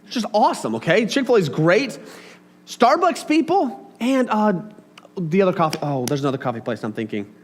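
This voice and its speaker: A man's voice: high-pitched, brisk. A man preaching a casual, chatty sermon, talking straight to his congregation with asides and questions. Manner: chatty and animated, talks to the audience with asides.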